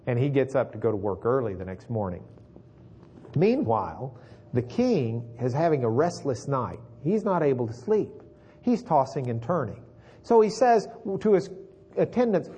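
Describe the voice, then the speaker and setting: A male preacher retelling a story in a conversational, animated, folksy sermon. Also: medium pitch, normal speed, breathy edge.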